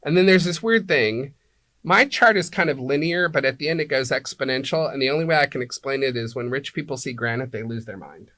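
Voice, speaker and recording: A man's voice: mid-range voice, fairly quick, bright, forceful tone, no echo. A man being interviewed as an apartment locator, explaining things like a teacher and checking in with "right?" and "okay?" as he goes.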